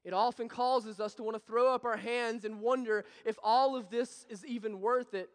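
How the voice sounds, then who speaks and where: High-voiced man preaching in a reverberant hall. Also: fairly even intonation, normal speed. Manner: impassioned preaching with repetition, drops to soft intimate tones. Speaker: pastor. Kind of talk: sermon.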